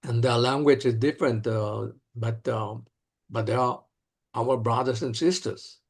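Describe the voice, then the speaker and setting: An older man with an Israeli accent, an interview guest telling stories in earnest, halting English. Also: medium pitch, steady tone, slightly rough. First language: Hebrew. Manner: earnest, halting, broken phrasing. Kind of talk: storytelling in an interview.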